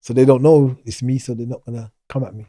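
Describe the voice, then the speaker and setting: A man's voice: mid-range voice, fairly even intonation, fast, warm tone, no echo, clean studio sound. A middle-aged man, talking casually as an interview guest, rambling and restarting his sentences. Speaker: guest, former prisoner.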